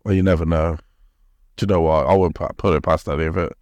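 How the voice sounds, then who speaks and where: Man, football podcast co-host, very low voice, dry close sound, rambling, sweary. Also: fairly even intonation, fast talker, a little mellow, no echo. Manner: sweary, rambling, laughs often. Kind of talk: casual football chat.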